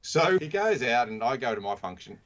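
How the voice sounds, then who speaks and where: Animated man telling a story. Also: mid-range voice, brisk. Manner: animated storyteller, acts out quotes in a raised voice. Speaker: mindset consultant. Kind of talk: casual storytelling conversation. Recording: dull lo-fi sound.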